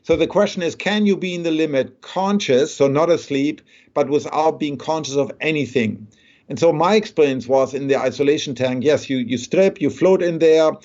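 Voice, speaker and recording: A man's voice: a little high, moderate pace, darkish tone. A man, a neuroscientist guest thinking aloud in a conversational interview. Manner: thoughtful, explains with many rhetorical "right?". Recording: dull lo-fi sound.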